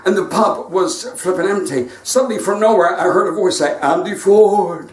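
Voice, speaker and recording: A man's voice: sits high, brisk, far from the mic. A male stand-up comedian with a West Country English accent, telling cheeky jokes on a live stream from home with asides to his viewers. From West Country, England. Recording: echoey room, voice from off mic.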